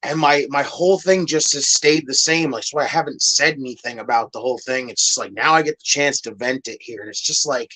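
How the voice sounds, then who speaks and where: Bright-voiced man venting frustration. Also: mid-range voice, fairly quick, few pauses, poor audio. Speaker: podcast co-host. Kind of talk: casual wrestling chat.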